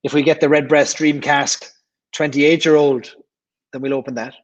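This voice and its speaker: A man's voice: a little high, level tone, moderate pace, dull audio. An Irish man hosting a casual livestream, chatting and reading viewer comments aloud, often repeating himself. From Ireland. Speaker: livestream host.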